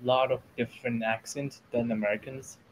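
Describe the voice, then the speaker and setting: A man's voice: mid-range voice, level tone, moderate pace, a little hiss or hum, low-quality recording. Curious man asking short questions. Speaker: English learner. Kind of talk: casual video-call conversation.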